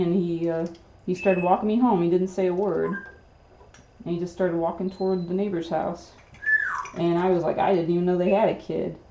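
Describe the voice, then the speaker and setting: A woman tells a neighborhood story on a livestream in a slightly low voice, rambling with fillers and restarts. The recording is dull and noisy and sounds like a roomy space. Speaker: pet bird channel host.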